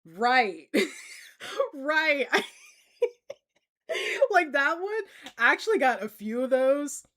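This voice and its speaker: A woman's voice: high voice, very animated, slow pace, a bit bright. A woman streamer in a casual Q&A, chatting with her viewers, laughing often and using plenty of fillers. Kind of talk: casual Q&A reading chat comments.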